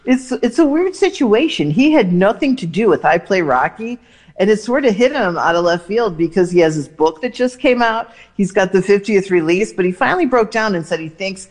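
A man giving entertainment news on a radio show in a brisk, chatty, enthusiastic way. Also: high voice, lively intonation. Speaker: entertainment reporter.

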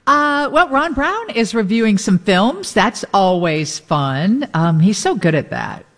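A woman's voice: mid-range voice, big pitch swings, unhurried, fairly bright tone, big-room sound. A woman co-hosting a radio show, running upbeat through the day's guests in casual chat.

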